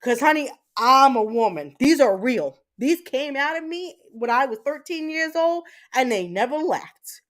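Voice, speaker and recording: High-voiced woman ranting angrily. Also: expressive, a little slow, hardly any pauses. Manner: angry, profane, blunt. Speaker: livestream host. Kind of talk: livestream rant to chat.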